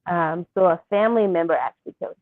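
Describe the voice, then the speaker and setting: A young woman interviewed as a guest, telling a personal story softly and haltingly, with many fillers. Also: fairly low pitch, dry recording. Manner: soft-spoken, halting with fillers. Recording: thin phone-like line.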